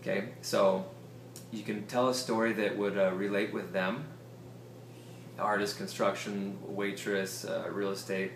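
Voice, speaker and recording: A man's voice: on the low side, flat delivery, unhurried, vocal fry, roomy sound, a little hiss or hum. A man giving a casual sales training talk, acting out example conversations with strangers. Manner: conversational, acts out example dialogue. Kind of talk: seminar talk on prospecting.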